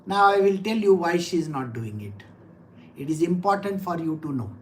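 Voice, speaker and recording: A woman, a spiritual teacher, giving a scripture discourse. She speaks directly, often asks the audience questions, and reads the verse slowly and with emphasis. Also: lowish voice, expressive, a little hiss or hum, rough recording.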